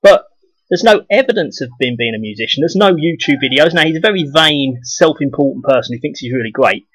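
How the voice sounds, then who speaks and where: A man's voice: a little high, expressive, a little fast, a bit bright, slightly rough, no echo, low-quality recording. A man blogging to camera in a blunt, profane, scornful rant. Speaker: video blogger. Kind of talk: casual ranting monologue to camera.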